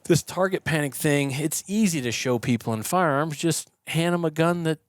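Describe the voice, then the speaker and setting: Animated man explaining shooting technique. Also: on the high side, moderate pace, dry recording, studio quality. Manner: animated storyteller, acts out quoted yelling. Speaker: podcast guest, shooting instructor. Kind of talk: conversational explaining. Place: podcast studio.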